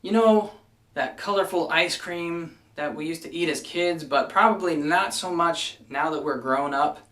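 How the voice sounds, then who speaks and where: A man's voice: on the high side, measured pace, a bit bright. A man talking casually to his viewers in a wry, chatty way. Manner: chatty, wry, fond of mild exasperation. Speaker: vlogger. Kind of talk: casual list video. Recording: echoey room, somewhat far from mic.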